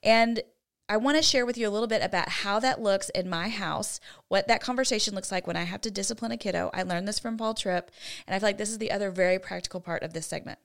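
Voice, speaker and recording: A woman's voice: mid-range voice, quick pace, vocal fry. A woman co-hosting a Christian parenting talk show, explaining her approach in an earnest, teaching manner. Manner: earnest and teaching, with lively shifts in volume. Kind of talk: faith-based parenting talk.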